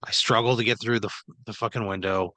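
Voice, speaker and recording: A man's voice: fairly low pitch, steady tone, quick pace, bright, forceful tone, no room sound. A man playing along in an improv comedy podcast, exasperated and reluctant, swearing a lot. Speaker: improv player.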